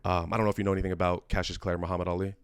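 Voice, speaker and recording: A man's voice: low voice, level tone, clear, resonant tone, no echo, studio quality. A man hosting a podcast in casual conversation, earnest and reflective, often restarting his sentences. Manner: earnest and halting, full of restarts; emotional and reflective. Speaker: podcast host.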